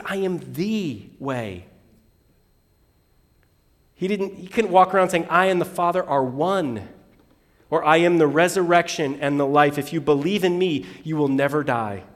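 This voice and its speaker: A man preaching a sermon, reading scripture aloud and swinging between loud bursts and hushed lines. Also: mid-range voice, long reverb tail. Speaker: pastor.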